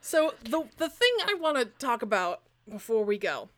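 Young woman co-host, chatty and jokey, bright voice pitched a little high. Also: normal speed. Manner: animated, jokey, laughs often. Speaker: podcast co-host. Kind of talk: casual chat.

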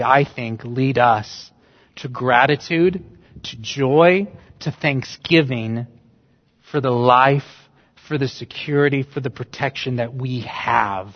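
A male pastor with a mid-range voice preaches slowly, emphatic and full of rhetorical questions. The recording sounds dull, with long reverb from a church hall.

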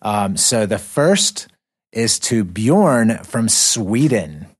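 Young guy co-hosting a podcast, lowish voice, rambly and loose. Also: drawn-out words, breathy edge. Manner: relaxed, rambling with fillers and restarts. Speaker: podcast co-host. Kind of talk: casual chat. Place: living in the North Caucasus.

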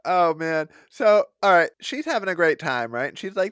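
A man's voice: a little high, big pitch swings, moderate pace, fairly bright tone, clear, resonant tone, no echo, studio quality. A man co-hosting a podcast, telling a story animatedly with lots of swearing and laughter. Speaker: podcast co-host. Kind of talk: casual podcast chat.

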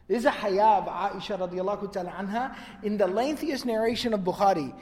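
A man tells history as a lecture in a high, earnest voice and hammers his points home by repeating phrases. He rattles off recited passages quickly, then translates them. A long reverb trails his words, as if he is in a large hall. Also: a little mellow. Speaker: Islamic history teacher.

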